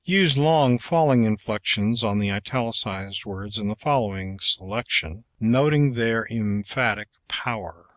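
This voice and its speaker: A male audiobook narrator reading an instructional text at an unhurried, careful pace. His voice sits in a middle pitch and sounds dry and close, with no room around it. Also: fairly bright tone, no echo. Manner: measured, deliberate reading. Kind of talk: scripted narration of an instructional book.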